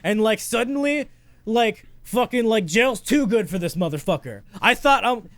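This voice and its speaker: A man's voice: high-pitched, animated, normal speed, fairly bright tone, dry recording. Profane, rambling stoned podcast host man. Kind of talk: casual podcast chat.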